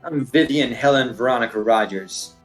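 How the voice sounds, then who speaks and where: A man's voice: mid-range voice, normal speed, soft background music, close to an everyday voice. A man voicing a stern, businesslike retired woman cop in a tabletop game. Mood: firm. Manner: firm, businesslike.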